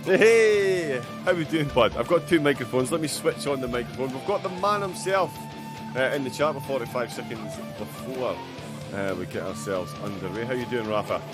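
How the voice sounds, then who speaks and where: A jokey, talkative man hosts live sim racing commentary, bantering easily with a guest. His pitch sits in an ordinary middle range. Guitar music plays clearly underneath him. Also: lively intonation, moderate pace. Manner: chatty, jokey, banter-filled. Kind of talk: live race commentary chat.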